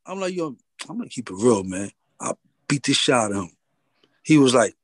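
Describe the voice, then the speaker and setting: A middle-aged man who is a guest in a casual interview, telling a story in lively slang. He repeats phrases and acts out what people said. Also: mid-range voice, normal speed, no echo.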